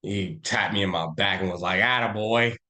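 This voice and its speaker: A man's voice: low-pitched, little pitch movement, brisk, bright, forceful tone. Profane, slangy man teaching trading. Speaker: trading educator. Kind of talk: live-streamed chart breakdown.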